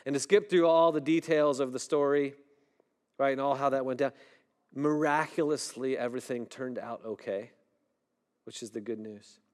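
A middle-aged man preaching a sermon in a conversational way, often asking "right?" and dropping his voice low and soft when a story turns tense. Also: fairly even intonation, moderate pace. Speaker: pastor.

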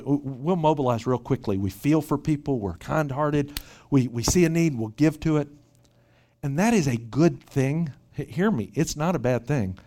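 A man preaching a sermon at a church retreat, animated and often repeating his first words as he starts a thought. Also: fairly high pitch. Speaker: pastor.

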